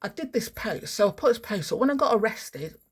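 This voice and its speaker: Husky ranting woman. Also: a little high, animated, brisk. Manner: ranting, heavy swearing. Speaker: spiritual vlogger. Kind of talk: angry rambling monologue. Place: outdoors.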